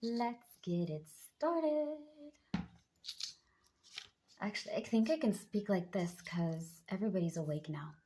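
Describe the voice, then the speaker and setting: A young woman reading tarot cards in a casual chat, hyping up her viewers with pet names, her voice a bit deep from just waking up. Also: expressive, a little slow, pauses often, warm tone, a little hiss or hum. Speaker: tarot card reader.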